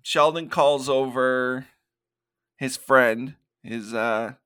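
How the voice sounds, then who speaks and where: A man with a bright, forceful voice co-hosts a casual podcast. He walks through film scenes and breaks into quick acted-out quotes, laughing often as he goes. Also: medium pitch, smooth. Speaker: podcast co-host. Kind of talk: casual movie recap chat.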